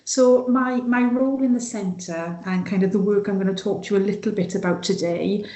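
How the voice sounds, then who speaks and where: Welsh Valleys woman trainer, mellow sing-song delivery, echoey room, video call. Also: medium pitch, moderate pace. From Wales. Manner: sing-song, many fillers and restarts. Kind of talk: online training presentation.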